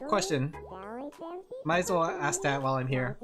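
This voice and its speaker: A woman's voice: sits low, moderate pace. A woman VTuber chatting casually with her viewers while she draws, giggly and talkative. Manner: giggly, chatty, talking to chat. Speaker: VTuber streamer. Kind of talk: casual livestream chat while drawing. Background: background music.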